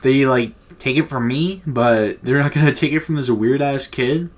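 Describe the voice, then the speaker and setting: A man's voice: medium pitch, moderate pace. Laid-back young man telling a story. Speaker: vlogger. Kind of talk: casual story time.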